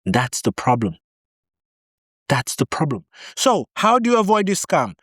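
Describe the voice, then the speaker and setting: Man, vlogger, fairly high voice, dry close sound, animated storyteller, blunt warnings. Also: a little slow, breathy edge, dry recording. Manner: animated storytelling, acting out both sides of arguments; direct, warning tone, repeats points for emphasis. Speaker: vlogger giving advice on living in Barbados. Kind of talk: casual advice talk to camera.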